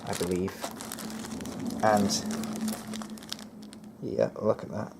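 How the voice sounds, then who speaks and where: A man's voice: lowish voice, little pitch movement, extremely slow, background noise. A young man giving a casual unboxing review of a model kit, rambling, hesitant and often correcting himself. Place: home near a road.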